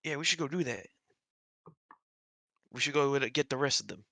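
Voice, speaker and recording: A man puts on a raised, easygoing voice for a casual male companion in a tabletop game. He sounds offhand and bright, with a forceful edge. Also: mid-range voice, moderate pace, creaky, dry recording, voice pushed up.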